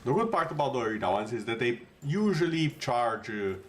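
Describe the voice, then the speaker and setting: Male game streamer, laid-back rambling play-by-play, quick jokes for chat, mid-pitched voice. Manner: relaxed, rambling, jokey asides to chat. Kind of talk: casual gameplay commentary.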